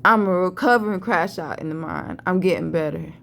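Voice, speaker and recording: A woman's voice: lowish voice, fairly quick, gravelly, a bit bright, a little hiss or hum. A woman vlogger, telling a rambling, profane, emphatic story about a vision. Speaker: spiritual vlogger. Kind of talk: casual storytelling monologue.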